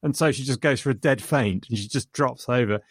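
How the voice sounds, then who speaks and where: A man's voice: mid-range voice, fairly quick, breathy edge, no echo, studio quality. A man discussing a film with enthusiasm, retelling funny scenes and chuckling as he goes. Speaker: film reviewer.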